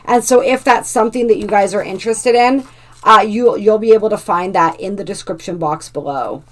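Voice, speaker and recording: A woman hosting a spiritual oracle card reading, gently reading card text aloud and adding asides to her viewers. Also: medium pitch, a little fast.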